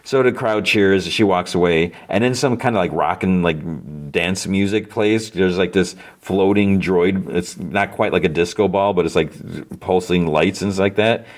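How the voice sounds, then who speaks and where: A man's voice: low-pitched, steady tone, moderate pace, few pauses. A man hosting a podcast, casually recapping a TV episode in a rambling way, full of fillers and self-corrections. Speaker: podcast host.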